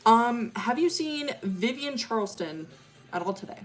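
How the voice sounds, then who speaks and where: A woman's voice: on the high side, expressive, unhurried, faint music behind, poor audio. A woman voicing a police officer who speaks hesitantly and formally. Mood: grave.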